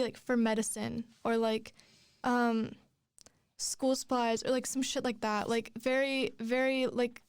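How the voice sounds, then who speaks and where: A woman's voice: on the high side, smooth, dry recording. A young woman, a podcast guest, telling her story in casual chat, rambling with many fillers and restarts.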